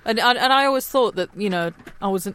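A radio producer with a Hull accent chats in the studio. The talk is quick and hesitant, full of stammered restarts, and the voice sits at a middle pitch. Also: a bit bright, smooth. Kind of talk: casual studio chat.

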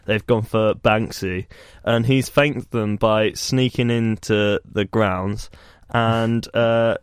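A man co-hosting a radio show, telling a news story in a relaxed, halting way with many pauses. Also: fairly low pitch, clear, resonant tone, dry recording, clean studio sound. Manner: hesitant, lots of uhs, wry. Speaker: radio co-host. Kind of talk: casual chat.

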